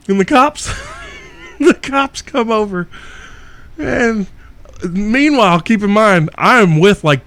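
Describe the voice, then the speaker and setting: A middle-aged podcast host with a high-pitched, slightly bright voice tells a wild story, recorded with no echo. He's casual and profane, laughing often as the tale unfolds.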